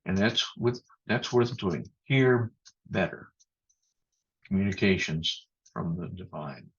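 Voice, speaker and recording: A man giving a thoughtful sermon as pastor over a video call, speaking in a measured way with pauses and restarts. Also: low voice, expressive, husky. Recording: muffled video-call audio.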